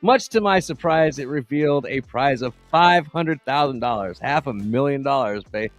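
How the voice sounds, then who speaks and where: A man's voice: medium pitch, normal speed, no room sound, faint music behind. A man co-hosting a casual podcast, reading out a news story and chatting loosely with lots of laughs. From Texas. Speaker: podcast co-host. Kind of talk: casual live-stream chat.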